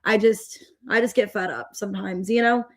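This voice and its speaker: A woman's voice: mid-range voice, steady tone, moderate pace, a little hiss or hum. A young adult woman hosting a tarot livestream, upset and fed up, venting to her viewers with many restarts. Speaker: tarot reader livestream host.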